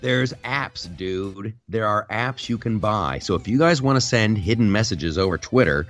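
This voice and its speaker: A man's voice: on the low side, expressive, moderate pace, a bit bright, soft background music. A man hosting a podcast, chatting casually and telling a rambling story with lots of restarts. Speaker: podcast host.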